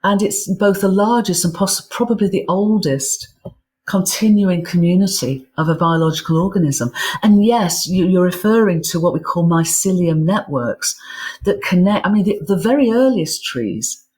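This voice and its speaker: A woman's voice: on the low side, expressive, normal speed, a little mellow. A woman being interviewed as an author, explaining science with enthusiasm and often repeating words as she builds her thoughts. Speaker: guest author and physicist. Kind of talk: interview conversation.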